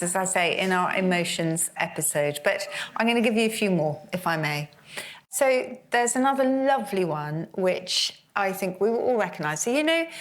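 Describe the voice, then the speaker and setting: A woman co-hosting a podcast before a live audience, explaining favourite words with bubbly enthusiasm. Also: lowish voice. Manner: bubbly, enthusiastic, laughs often. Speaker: podcast co-host, word expert.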